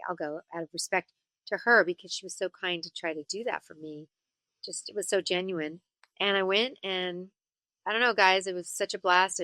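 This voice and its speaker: A woman voice actor and singer chatting as an interview guest, telling stories in an animated way and slipping into character voices. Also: on the low side, dry recording. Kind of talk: casual interview chat.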